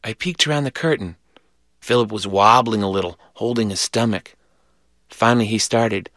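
A man reading a children's story aloud in a lively, animated way. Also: mid-range voice, unhurried, dry recording, clean studio sound.

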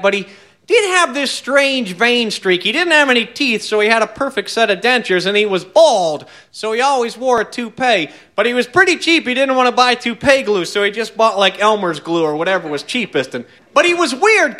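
A man telling a tall tale in a folksy, wry, drawn-out way. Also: sits high, bright, forceful tone. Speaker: storyteller.

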